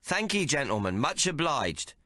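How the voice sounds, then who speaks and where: A cocky young card sharp with a raised, lively voice and rough colloquial talk, as a man reads him in an audiobook. The sound is close and dry. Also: a little high, moderate pace, dry recording, voice pushed up, heavily acted. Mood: sly. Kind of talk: audiobook character voice.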